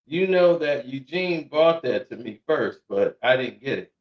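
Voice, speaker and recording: A man giving casual commentary, reading messages aloud with frequent laughs and quick asides. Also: mid-range voice, expressive. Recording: echoey room, dull lo-fi sound.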